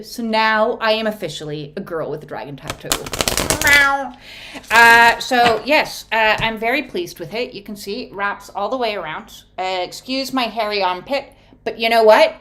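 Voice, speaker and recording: A woman's voice: a little high, a bit bright. A woman doing an oracle card reading in a casual vlog, talking in a blunt, profane, emphatic way. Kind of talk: casual spiritual vlog chat.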